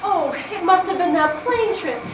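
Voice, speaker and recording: A woman's voice: extremely high pitch, animated, moderate pace, very noisy. A woman playing a sweet, fussing widowed mother introducing her fiancé, in an amateur stage play. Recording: distant muffled echoey stage recording.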